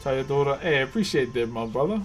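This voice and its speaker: A relaxed man with a New Zealand accent chats loosely with his stream viewers and calls them brother. His voice sits at an ordinary middle pitch. A little music plays softly behind him. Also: a little fast. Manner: laid-back, calls viewers brother and bro. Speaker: live streamer and carver. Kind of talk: casual live-stream chat with viewers.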